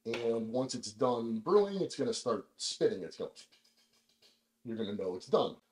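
A man's voice: medium pitch, moderate pace, a little hiss or hum. Chatty man in an echoey kitchen. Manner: relaxed, chatty, many fillers. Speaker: vlog host. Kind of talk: casual demonstration.

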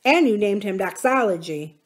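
A woman's voice: mid-range voice, lively intonation, normal speed, natural voice. A woman reading an anxious loyal servant. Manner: cautious, anxious.

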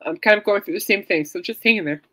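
A woman hosting a casual podcast, tearful and halting as she talks and leads a prayer, trying not to cry. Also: mid-range voice, bright, forceful tone, poor audio. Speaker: podcast host. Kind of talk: casual chat and spoken prayer.

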